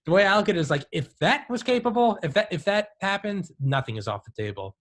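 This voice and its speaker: Animated man telling stories casually. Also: high-pitched, quick pace. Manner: animated storyteller, says "dude" and "like". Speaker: podcast host. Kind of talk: casual conversation.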